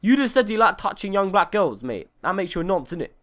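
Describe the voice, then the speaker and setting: A man's voice: sits high, sing-song, fast, fairly bright tone, slight background noise. A man voicing a brash young male London chav troll in game voice chat, taunting and repeating slang tags with a put-on London street accent. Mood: menacing. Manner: taunting, repeating "mate" and "innit".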